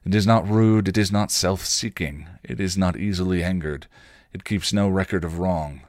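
Spike the sardonic vampire, as a man puts him on, speaks in a deep hushed purr with a patchy British accent. The delivery is close and dry, sly even when it turns tender. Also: normal speed, no room sound, natural voice. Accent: British, only in patches. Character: wry male vampire, sardonic charmer.

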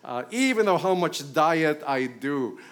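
Filipino man, middle-aged pastor, sermon, conversational, slightly high voice, very animated pitch. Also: a little slow. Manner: conversational, asks the congregation questions.

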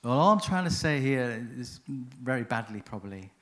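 A man's voice: medium pitch, expressive, normal speed, a bit bright. A man giving a seminar on chaplaincy, telling a story in a chatty, anecdotal way, often interrupting himself. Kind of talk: conference talk with storytelling.

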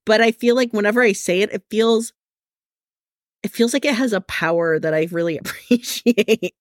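A woman's voice: mid-range voice, moderate pace, no echo, studio quality. A woman with a Californian American accent, co-hosting a podcast, talking frankly and laughing through her words. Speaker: podcast co-host. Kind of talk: casual chat.

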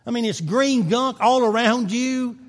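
A man preaching a sermon, swinging from quiet, low passages to loud, urgent ones, with folksy asides. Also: unhurried. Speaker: pastor. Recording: long reverb of a church hall.

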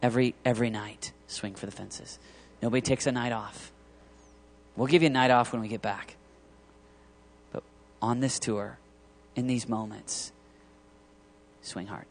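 A man preaching a sermon to a ministry team, impassioned and rising to near-shouting peaks, acting out quoted voices. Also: medium pitch, fairly even intonation. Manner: acts out quoted voices and awkward pauses. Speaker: pastor leading a ministry tour team.

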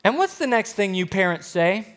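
A male pastor preaching a sermon, expressive and swinging between loud and hushed. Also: high voice, moderate pace.

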